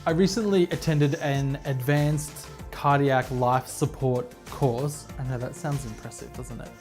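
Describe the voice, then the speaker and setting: A woman's voice: rumbling low, fairly even intonation, unhurried, darkish tone, soft background music. An Australian woman hosting a knitting podcast, talking to camera in a chatty, rambling, self-deprecating way from home. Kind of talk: casual chat to camera. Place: home, on her couch.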